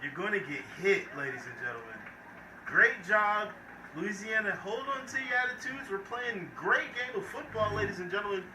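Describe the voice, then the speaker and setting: A man's voice: high voice, expressive, moderate pace. Hyped man calling college football. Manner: hyped, playful, talks to viewers directly. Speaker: play-by-play announcer. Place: football stadium. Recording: echoey, distant mic with crowd noise.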